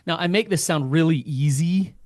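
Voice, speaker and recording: A man's voice: a little high, normal speed, darkish tone. A man speaking as a couples therapist in a podcast interview, earnest and often acting out what partners say. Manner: earnest, acts out quoted partners.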